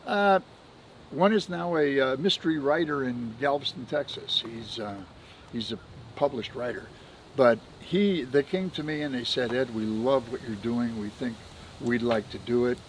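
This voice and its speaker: A man's voice: mid-range voice, normal speed, a little hiss or hum, poor audio. A man in his seventies, a podcast guest, telling folksy business anecdotes and chuckling between stories. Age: 70s. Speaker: podcast guest, benefits administrator. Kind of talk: anecdotal storytelling.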